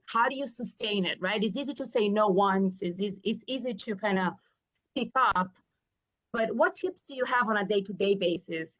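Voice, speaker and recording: A woman's voice: mid-range voice, poor audio. Gushing woman from São Paulo. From São Paulo, Brazil. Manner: warm, gushing, emotional, talks in a rush. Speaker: audience member asking a question. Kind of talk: live Q&A question.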